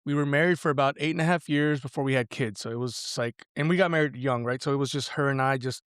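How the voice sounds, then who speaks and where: A man's voice: mid-range voice, quick pace, a bit bright, clear, resonant tone, no echo, studio quality. A man in his forties, a podcast guest talking earnestly and casually about raising daughters, with lots of "like" and "right?". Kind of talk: casual conversation.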